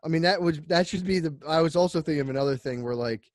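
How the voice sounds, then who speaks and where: A man co-hosting a casual comedy podcast, rambling and laughing as he pitches a bit, acting out the voices. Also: fast, no echo, studio quality. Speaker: podcast co-host.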